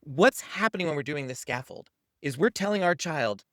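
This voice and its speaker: A man's voice: on the high side, lively intonation, normal speed, a bit bright, no echo, studio quality. Upbeat man coaching parents. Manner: upbeat and coaching, acts out what to say to a child. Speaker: parenting coach and channel host. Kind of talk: teaching to camera.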